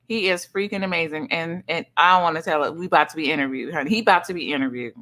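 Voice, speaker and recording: Bright-voiced effusive woman livestream host. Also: rapid-fire. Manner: effusive, loud high greetings, says honey and sugar. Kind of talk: casual livestream chat greeting viewers. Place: son's home streaming setup.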